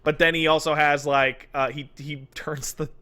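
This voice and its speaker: Male podcast co-host, bright forward tone, animated and casual. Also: fairly high pitch, moderate pace. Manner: animated retelling, casual swearing.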